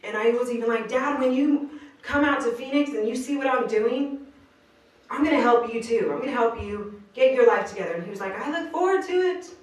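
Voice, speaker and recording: A motivational speaker with a slightly high voice talks briskly at a live venue, telling her story in casual slang during an earnest inspirational speech. The recording sounds roomy and distant.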